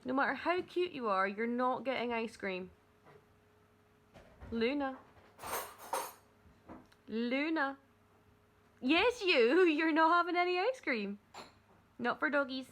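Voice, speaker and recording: Woman vlogging, chatty, laughs a lot, coos at the dog, slightly high voice. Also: expressive, takes it slowly, pauses often, fairly bright tone, slight background noise. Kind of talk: casual vlog talk.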